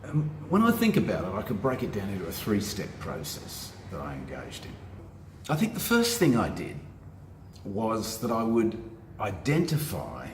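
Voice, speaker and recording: Self-help speaker, male, lowish voice, lively emphatic delivery, roomy echo. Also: moderate pace, a little hiss or hum. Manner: animated, emphatic, steps through points. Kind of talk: motivational talk to camera. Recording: echoey room with faint ambience.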